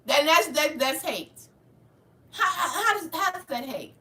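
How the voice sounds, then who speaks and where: A woman with a high, bright, sharp voice delivers a heated livestream rant, preachy and confrontational. She sits back from the mic in an echoey room. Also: animated, a little slow, recorded from a distance. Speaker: channel host.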